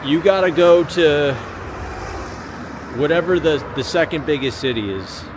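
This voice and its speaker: This man's voice sits on the high side and sounds expressive and unhurried as he hosts a relaxed outdoor livestream at night. He strolls along city streets chatting and rambling to viewers, captured on a small handheld gimbal camera with passing cars and street ambience audible.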